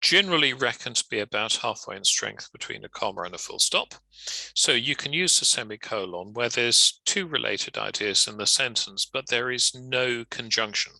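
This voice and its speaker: A man teaching grammar and punctuation in a relaxed lecture, with a chatty manner and casual asides. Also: medium pitch, moderate pace, vocal fry, no room sound, poor audio. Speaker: legal writing trainer. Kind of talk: instructional lecture.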